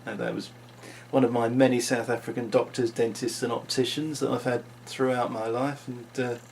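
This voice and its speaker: A man with a gravelly, creaky voice muses through an unscripted vlog monologue. His pitch sits mid-range for a man, and he wanders from thought to thought, often restarting his sentences. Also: little pitch movement, normal speed, a little mellow, slight background noise. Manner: rambling, musing, with frequent restarts. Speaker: vlogger.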